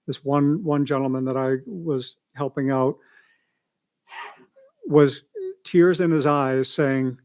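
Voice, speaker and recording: A man's voice: medium pitch, fairly even intonation, slow pace, long pauses, darkish tone. A man giving a rambling, conversational report at a school board meeting as a school administrator. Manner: rambling, conversational, many asides.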